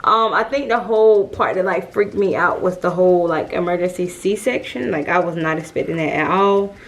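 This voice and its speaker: Straightening her hair while she talks, a mom vlogger tells her viewers a personal story in a relaxed, chatty way full of fillers. Her pitch is fairly low and her speed normal.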